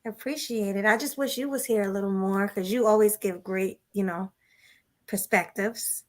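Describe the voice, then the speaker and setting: A woman hosting a casual live-stream chat, relaxed and chatty, thanking her viewers. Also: medium pitch, moderate pace. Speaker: host.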